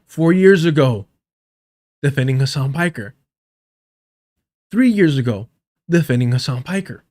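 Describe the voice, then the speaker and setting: A man's voice: medium pitch, expressive, measured pace, a little mellow. A young man hosting a live stream, ranting with heavy profanity and scorn. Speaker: livestream host.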